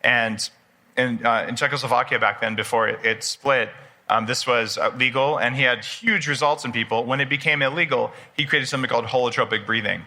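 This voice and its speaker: A man in his forties gives a live conference talk at a personal development expo, speaking casually and enthusiastically and joking with the audience in a conversational way. His medium-pitched voice is bright and forceful, with a brisk pace.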